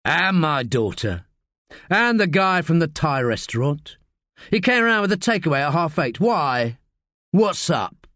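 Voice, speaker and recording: A man's voice: a little high, very animated, measured pace, fairly bright tone, dry recording, clean studio sound. A man voicing a tough, threatening family man with a thick London accent, in an audiobook reading. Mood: gruff. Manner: blunt, brash, threatening.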